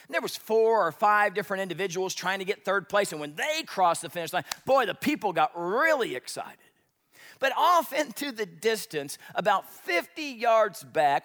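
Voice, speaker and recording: Male pastor, high bright voice, animated storyteller, sermon in a reverberant church hall.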